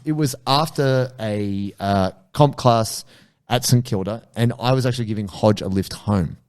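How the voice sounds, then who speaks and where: A man hosting a casual jiu-jitsu podcast chat, telling stories in an animated way and swearing freely. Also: on the low side, measured pace, clear, resonant tone. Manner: animated storyteller, swears casually, acts out quotes.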